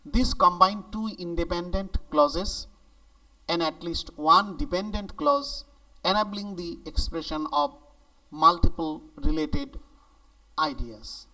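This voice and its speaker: Man, grammar teacher, gravelly bright voice, unhurried, slightly distant mic. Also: high voice. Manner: slow and deliberate, lively emphasis on key words. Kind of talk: explanatory grammar lesson.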